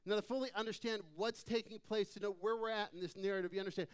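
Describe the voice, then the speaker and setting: A male pastor delivers a sermon in a smooth, resonant voice sitting a little higher than most men's. He preaches with energy and sinks low and quiet on the lines he wants to land. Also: fairly even intonation, fast talker, few pauses. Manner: dynamic preaching, dropping low and soft for scripture lines.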